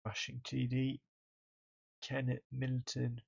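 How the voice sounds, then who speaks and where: A man's voice: mid-range voice, completely flat delivery, slow pace, gravelly, a little mellow, husky, lo-fi sound. Tired man streaming a game. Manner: tired, talks through stats to himself. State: tired, yawning. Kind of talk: casual let's-play commentary.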